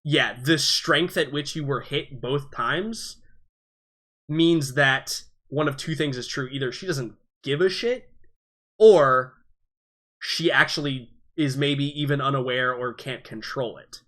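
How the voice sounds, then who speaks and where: A man's voice: mid-range voice, slow, a bit bright. A man narrating and explaining as game master of a tabletop game, with many fillers.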